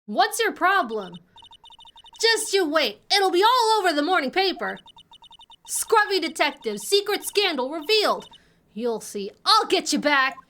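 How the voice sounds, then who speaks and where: A woman's voice: very high-pitched, big pitch swings, a little slow, bright, forceful tone, exaggerated voice. A woman voicing a pushy, boisterous female reporter with a put-on Southern US accent. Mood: indignant.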